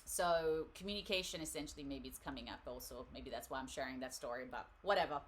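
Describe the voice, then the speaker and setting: A woman's voice: rumbling low, fast, a little hiss or hum. A woman hosting a live tarot reading, talking casually and rambling with frequent laughs. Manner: chatty, rambling, laughs often.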